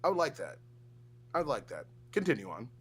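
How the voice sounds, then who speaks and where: Male stream co-host, lively swooping delivery, profane, hyped reactions. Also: mid-range voice, brisk, breathy edge. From United States. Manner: loud, swearing, animated, exaggerated reactions. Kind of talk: casual livestream chat.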